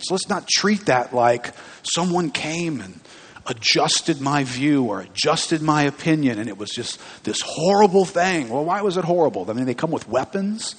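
A man's voice: on the high side, slightly rough. A man preaching a conversational sermon in a church, putting questions to the congregation. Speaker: pastor. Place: church sanctuary. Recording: long hall reverb.

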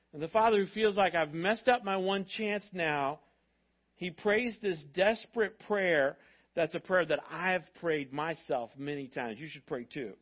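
A man preaching a sermon, telling a story in an animated, conversational way. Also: sits high, highs cut off. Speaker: pastor.

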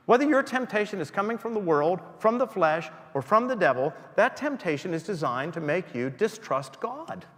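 A man's voice: sits high, very animated, normal speed, few pauses, big-room sound. A man preaching a sermon in a church, emphatic and rising and falling for emphasis.

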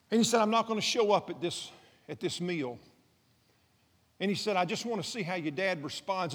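High-pitched pastor guy preaching, goes loud then quiet, lots of hall reverb. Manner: retells scripture in casual modern dialogue; dramatic swings in loudness. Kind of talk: sermon.

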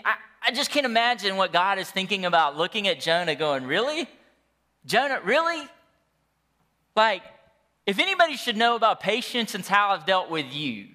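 A middle-aged male pastor preaching a sermon, animated and joking as he tells stories to his congregation. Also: a little high. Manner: animated, jokey storytelling with the congregation.

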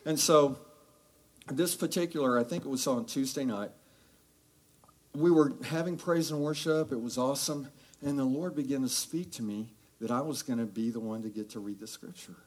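A man preaching a sermon as a pastor, telling Bible stories in a conversational, animated way and acting out quoted voices. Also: medium pitch, normal speed.

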